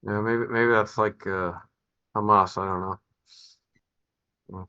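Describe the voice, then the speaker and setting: A man musing aloud on a video call, halting and rambling with many fillers. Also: on the low side, fairly even intonation, sharp tone, clean tone, no echo. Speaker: participant in a Zoom class. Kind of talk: casual chat on a video call. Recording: dull, dry video-call audio.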